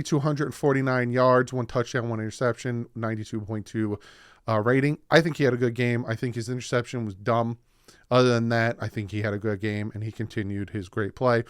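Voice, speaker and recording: A man's voice: medium pitch, clean tone, no echo. Hyped guy doing a football recap, kinda winded, reads off stats, mid voice, dead dry room. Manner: excited, rattles off stats. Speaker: sports video host.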